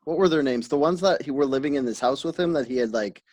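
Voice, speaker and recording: A man's voice: mid-range voice, a little mellow. Chatty laughing man on a podcast. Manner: laughs often, quick and chatty. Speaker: podcast host. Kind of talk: casual chat.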